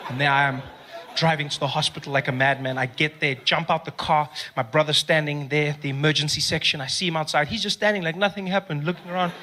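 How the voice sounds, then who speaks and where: A man's voice: fairly high pitch, steady tone, fast, sharp tone, slight background noise. A man telling a story in stand-up style, animatedly switching into voices for other people. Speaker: stand-up comedian.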